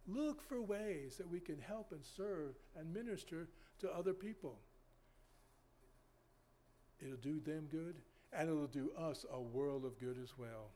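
Folksy preacher with bursts of emphasis. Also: male voice, a little high, expressive, a little slow. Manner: folksy and rambling, with many restarts and sudden loud emphasis. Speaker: pastor. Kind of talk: sermon.

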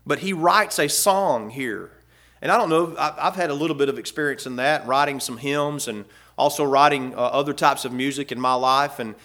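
A man's voice: fairly high pitch, a bit bright. A man preaching a sermon in a folksy way, rising and swelling when he reads scripture aloud. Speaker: pastor.

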